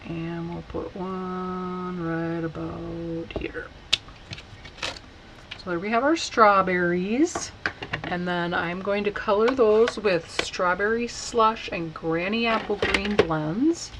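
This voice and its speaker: Slow-talking woman giving a craft tutorial. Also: fairly low pitch, very noisy. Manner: chatty and unhurried, talks while working. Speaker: card-making instructor. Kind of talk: casual stamping tutorial.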